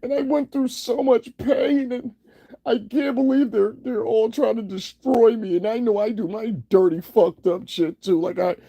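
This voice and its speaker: A man's voice: steady tone, moderate pace, gravelly, dark tone, full character voice. A man doing a whiny weeping vlogger guy. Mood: self-pitying. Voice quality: high, tearful, whiny. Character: whiny male vlogger crying for sympathy.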